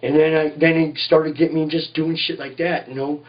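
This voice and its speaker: A man's voice: a little high, flat delivery, brisk, recorded from a distance, lo-fi sound. Profane, rambling tattoo artist man. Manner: profane, rambling, says "you know what I mean" constantly. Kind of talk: casual storytelling interview.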